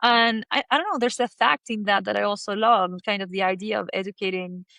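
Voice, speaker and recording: A woman's voice: medium pitch, fairly even intonation, brisk, creaky, sharp tone, dry recording. A woman in her thirties from Argentina with an Argentine accent, telling her story as a podcast guest in a chatty way full of fillers. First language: Spanish. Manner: chatty, lots of "like" and "you know" fillers. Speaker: guest, fashion designer.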